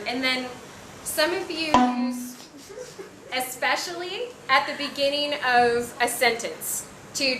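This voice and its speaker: A woman English teacher gives feedback to her class in an encouraging way, slipping in ums and small laughs. Her voice sits a little high. The room is echoey, with a faint background hum.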